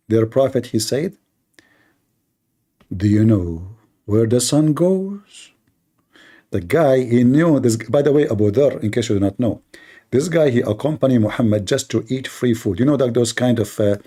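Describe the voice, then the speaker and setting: A man hosting a live online debate, with a gravelly, husky voice. He talks in a mocking, sarcastic way, and his tone is dark and mellow. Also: medium pitch. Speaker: host of a live debate stream.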